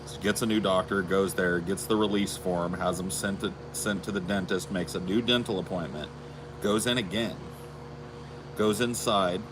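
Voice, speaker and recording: A low-pitched American man spins a rambling, profane anecdote in casual podcast chat. His voice sits deep, and a clear background hum runs under the recording. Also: steady tone, normal speed. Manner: rambling anecdote-telling, crude asides. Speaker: podcast co-host.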